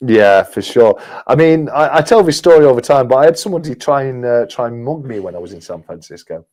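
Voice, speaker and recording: A man's voice: mid-range voice, animated, a little fast, a little mellow. English man telling a chatty story. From England. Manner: chatty, laughs through his anecdotes. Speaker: livestream guest. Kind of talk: casual storytelling.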